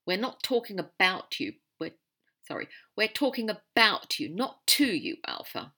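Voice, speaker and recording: Woman voicing exasperated young man, dry, pleading, bright tone, storybook. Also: medium pitch, big pitch swings, unhurried, pitched above the performer's own voice, full character voice.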